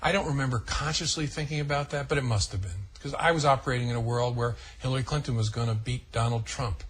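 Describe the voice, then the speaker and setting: A man giving slow, deliberate answers in a television interview. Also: medium pitch, breathy edge. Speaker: interviewee in a broadcast clip.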